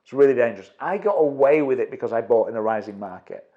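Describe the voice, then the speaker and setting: Animated middle-aged man telling a story. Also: medium pitch, phone-quality sound. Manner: animated storyteller who acts out his own quotes, with quick restarts. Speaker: property investment trainer. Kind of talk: storytelling talk to an audience.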